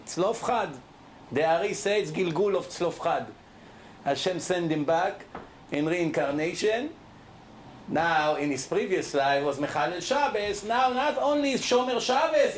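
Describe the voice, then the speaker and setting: A middle-aged rabbi giving a lively Torah lecture to a live audience, speaking emphatically and throwing questions at the listeners. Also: male voice, a little high, slight background noise.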